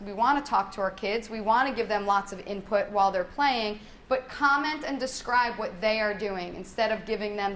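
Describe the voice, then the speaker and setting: A woman's voice: mid-range voice, fairly bright tone, a little hiss or hum. Woman speech therapist teaching parents. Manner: conversational, checks in with "right?", models child talk in a lilting singsong. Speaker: speech-language pathologist leading a parenting workshop. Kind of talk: live workshop talk to parents. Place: workshop room.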